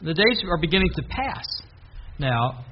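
A man's voice: on the high side, big pitch swings, unhurried. A man preaching a sermon, earnestly reading scripture aloud with emphasis. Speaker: pastor. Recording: dull lo-fi recording, faint hiss.

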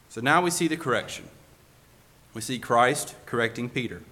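A man's voice: mid-range voice, moderate pace, sharp tone. A male preacher giving a sermon, asking the congregation one rhetorical question after another.

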